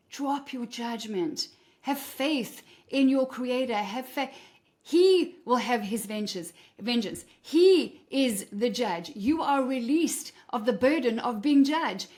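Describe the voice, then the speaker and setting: A middle-aged woman hosting a faith-based motivational talk, blunt and emphatic in a preachy way. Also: sits high. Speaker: podcast host.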